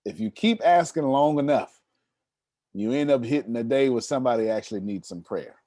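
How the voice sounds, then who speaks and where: Animated man telling stories to a crowd. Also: mid-range voice, a little fast, no room sound, studio quality. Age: 30s. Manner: animated, addresses the listeners directly and teases them. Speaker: motivational speaker. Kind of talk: storytelling talk to an audience.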